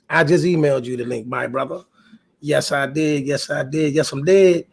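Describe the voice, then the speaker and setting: Gravelly-voiced man hosting a boxing livestream. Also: a little high, moderate pace. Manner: animated, repeats himself, talks to chat viewers. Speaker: host of a boxing talk livestream. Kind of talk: casual live-stream talk.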